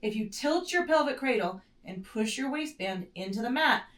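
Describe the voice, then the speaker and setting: Slightly high and a bit bright, with lively intonation and a moderate pace, a woman instructs a mat pilates class, casually correcting herself. Short, strained breaths show she's doing the moves too. She sounds far from the mic in an echoey room.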